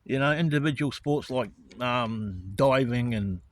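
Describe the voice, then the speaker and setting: Brief: man, solo vlogger rant, heated and swearing, average pitch. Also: unhurried. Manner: angry, profane, righteous indignation. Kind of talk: ranting monologue to camera.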